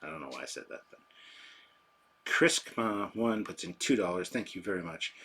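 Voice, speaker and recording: A man's voice: sits low, expressive, moderate pace, a bit bright, slightly rough. A man hosting a casual livestream, rambling and chatty as he reads and answers chat on a sensitive microphone. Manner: rambling, chatty, self-deprecating. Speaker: livestream host. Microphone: sensitive desk microphone.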